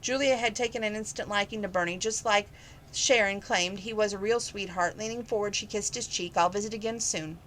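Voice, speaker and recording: Woman reading a novel aloud, plain and steady. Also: medium pitch, a little fast, a little hiss or hum, rough recording. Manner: plain, with small slips and restarts. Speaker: reader. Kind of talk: casual read-aloud narration.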